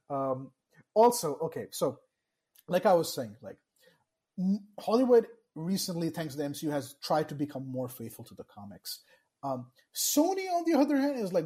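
A man's voice: a little high, sing-song, brisk, warm tone. A man co-hosting a casual podcast chat, ranting with exasperation and swearing often. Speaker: podcast co-host.

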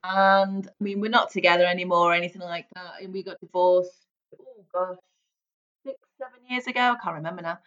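A woman's voice: fairly low pitch, fairly even intonation, brisk, a bit bright. A woman in her forties with a light Merseyside accent, an effusive hypnotherapist chatting as an interview guest. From Merseyside, England. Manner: effusive, gushing, laughs often. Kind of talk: casual interview chat. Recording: dull lo-fi audio.

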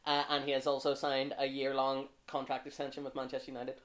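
A man's voice: medium pitch, quick pace. A man hosting a football podcast, chatting casually with lots of fillers and the odd swear. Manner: relaxed, lots of fillers, swears when annoyed. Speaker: podcast host.

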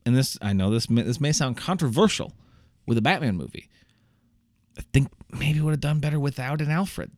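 A man's voice: medium pitch, brisk, no echo, studio quality. A man co-hosting a casual podcast, rambling and laughing as he chats about a movie. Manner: animated, rambling, laughs often. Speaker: podcast co-host. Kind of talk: casual chat.

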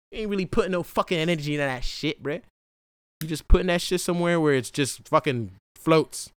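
A young man hosting a podcast, talking through a raw, profane solo monologue that swings from hushed to loud outbursts. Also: fairly high pitch, a little fast, clear, resonant tone, no room sound, studio quality. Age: young adult. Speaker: podcast host.

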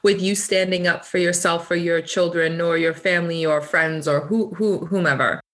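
Soft-pitched woman, reflective chat. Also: steady tone, moderate pace. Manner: hesitant, many restarts and fillers. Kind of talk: casual chat.

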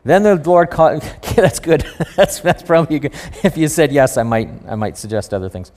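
Man preaching, storytelling with animated asides. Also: fairly high pitch, moderate pace. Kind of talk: sermon.

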